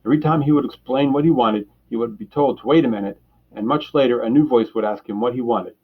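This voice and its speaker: A man reading a children's book aloud in a steady, plain way, clearing his throat now and then. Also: medium pitch, quick pace, phone-quality sound. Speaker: storyteller.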